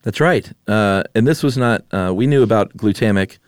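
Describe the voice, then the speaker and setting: Laid-back low-voiced male podcast host. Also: moderate pace, smooth, dry recording, studio quality. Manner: laid-back, laughs often. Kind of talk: casual chat.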